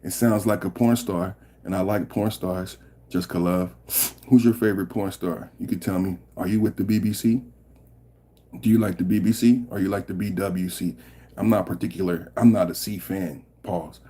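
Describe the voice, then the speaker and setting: A man hosting a casual podcast livestream, reading the chat aloud, joking and rambling and laughing often, sometimes muttering low and sometimes getting loud. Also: steady tone, normal speed, breathy edge.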